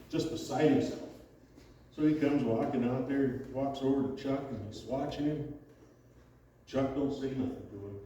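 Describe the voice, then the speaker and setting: An actor on stage playing a folksy male fishing buddy who tells drawn-out jokes, recorded in an echoey hall from far off. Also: mid-range voice, warm tone, close to an everyday voice. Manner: drawling storyteller, slow tall tales. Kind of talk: stage play acting. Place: theater stage. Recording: echoey hall, far from mic, faint noise.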